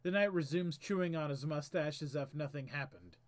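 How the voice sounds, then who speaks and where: A man's voice: a little high, normal speed. A man hosting a casual game stream, chatting and reading game text aloud with small stumbles. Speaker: streamer host.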